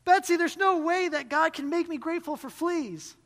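A woman's voice: extremely high pitch, normal speed, pitched above the performer's own voice. Woman doing a wailing, exasperated young prisoner. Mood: distressed. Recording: long hall reverb.

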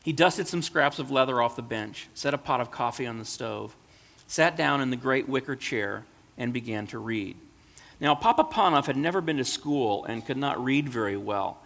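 A man reads a storybook aloud in a gentle, measured voice. His pitch is middling, and a long hall reverb lingers behind each phrase. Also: animated, creaky. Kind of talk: storybook reading.

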